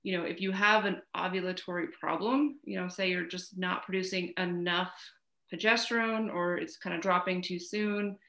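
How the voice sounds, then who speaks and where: A woman's voice: fairly low pitch, fairly even intonation, normal speed, sharp tone. A woman hosting a podcast, talking conversationally with many "you know"s and "right?"s. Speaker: podcast host. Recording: echoey room.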